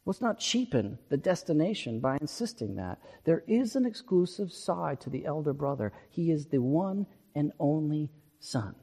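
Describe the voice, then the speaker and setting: A man's voice: fairly high pitch, big pitch swings, moderate pace, few pauses, warm tone, breathy edge. A male pastor giving an emphatic, earnest sermon and repeating words for stress. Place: church sanctuary. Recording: long reverb of a church sanctuary.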